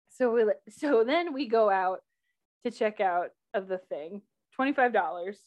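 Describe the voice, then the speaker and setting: A young woman hosting a podcast, casually telling a personal story with lots of laughter and loudly acted-out quotes. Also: mid-range voice, moderate pace. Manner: animated, laughs often, acts out quotes loudly. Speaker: podcast host.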